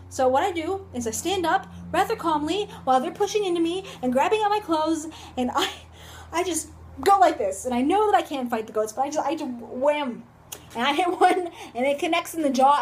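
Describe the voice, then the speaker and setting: Young woman vlogger with a high voice, dramatic storytelling, phone-recorded, casual. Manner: dramatic, animated, shrieks when reenacting. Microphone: phone camera.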